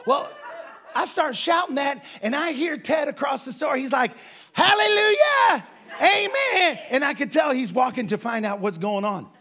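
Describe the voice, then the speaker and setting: A man preaching a sermon as a folksy, animated story, laughing often and bursting into loud shouts of praise. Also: very high voice, moderate pace.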